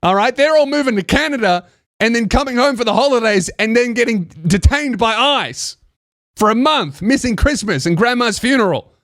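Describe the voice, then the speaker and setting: A man's voice: very high voice, lively intonation, moderate pace, fairly bright tone, no echo. A young man hosting a podcast, ranting in a sarcastic, mocking, profane comedic monologue into a close mic. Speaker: podcast host.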